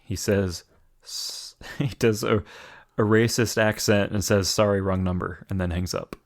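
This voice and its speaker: A man's voice: fairly low pitch, steady tone, a little slow. A man co-hosting a podcast in casual chat, rambling with many fillers. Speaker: podcast co-host.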